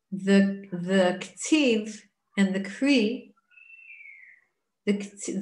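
A woman's voice: medium pitch, darkish tone. Woman teaching a torah class, earnest and chatty, lots of restarts, echoey room. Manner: earnest, conversational, with frequent restarts and rhetorical questions.

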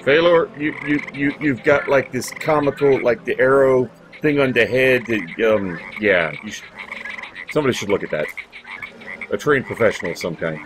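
A man with a medium-pitched voice talks at a moderate pace over a noisy background. He's hosting a let's play, chatting casually about the gameplay and swearing freely as he addresses his in-game companions, with video game music playing behind him.

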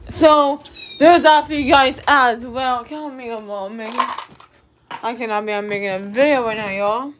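A woman's voice: on the high side, fairly even intonation, moderate pace, far from the mic, noisy background. A young woman vlogging casually from her bedroom, rambling and repeating "you guys" over and over. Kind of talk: casual chat to camera.

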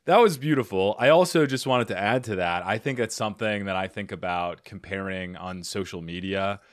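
A man's voice: low voice, smooth, no room sound, clean studio sound. A man hosting a comedy advice podcast, chatting casually with a guest in a self-deprecating way. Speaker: podcast host. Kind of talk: casual interview chat.

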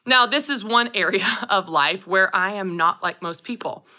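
Bright animated woman podcast host. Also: medium pitch, moderate pace. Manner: animated storytelling, acting out quoted lines. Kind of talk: scripted solo podcast monologue.

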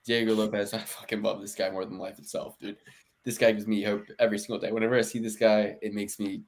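A man's voice: fast talker, a little hiss or hum. A man co-hosting a fight-betting podcast, talking in a rambling, profane, laughing way. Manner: rambling, profane, laughing, lively swings in pitch and volume. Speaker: podcast co-host. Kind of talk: casual fight-betting chat.

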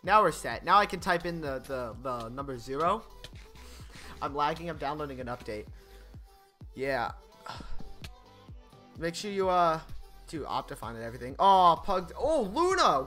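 A man streaming gameplay, chatting casually, getting excited and laughing often. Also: on the high side, unhurried, long pauses, faint music behind. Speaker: gaming streamer. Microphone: desk microphone.

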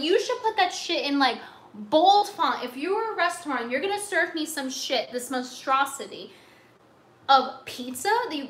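A young woman with a high voice rants to her livestream chat, exasperated and sarcastic. She swears freely and piles on the complaints. Her voice bounces around a roomy, echoey space. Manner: exasperated, profane, sarcastic ranting.

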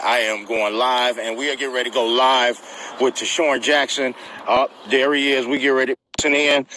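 A man hosting a live streamed interview, talking in an energetic, slangy hype style and repeating himself a lot. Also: mid-range voice, fairly quick, rough recording. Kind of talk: hyped casual live interview.

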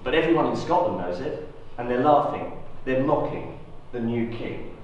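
A man's voice: medium pitch, normal speed, muffled recording, slight background noise. Man lecturing in an echoey hall. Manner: lively, rhetorical questions to the audience. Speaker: guest lecturer. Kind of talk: university lecture. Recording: roomy echo, distant mic.

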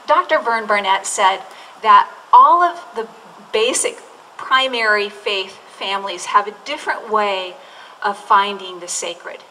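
Slow, earnest woman pastor preaching. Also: mid-range voice, bright, forceful tone, a little hiss or hum. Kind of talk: sermon. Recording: distant mic with faint room ambience.

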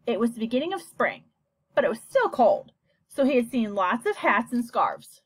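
A woman reading a children's novel aloud as a scripted storybook narration. Her voice is fairly high and very lively in pitch. She reads expressively and evenly. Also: normal speed, breathy edge, no echo. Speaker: audiobook narrator.

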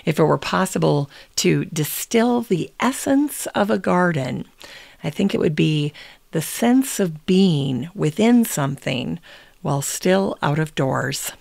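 A woman hosting a gardening podcast in scripted, unhurried narration, reading quotations aloud. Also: deep voice, lively intonation, gravelly, dry recording. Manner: unhurried, reads quotes aloud. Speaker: podcast host.

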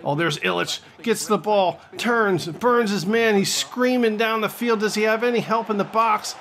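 A man giving jokey, excitable play-by-play commentary on a football video game, rising loud when the action heats up. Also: high-pitched, normal speed, few pauses. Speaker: gaming channel host.

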